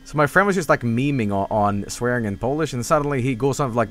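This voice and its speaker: A man's voice: mid-range voice, lively intonation, quick pace, fairly bright tone. A man streaming a game, chatting casually and swearing as he rambles through tasks and stories. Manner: rambling, profane, easily startled. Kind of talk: casual gameplay commentary.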